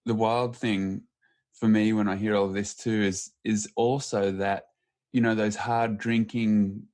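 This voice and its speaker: A man hosts a podcast interview, offering short agreements and thoughtful remarks. His voice sits low and stays flat in tone, with little rise and fall. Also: a little slow. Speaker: podcast host. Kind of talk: conversational interview.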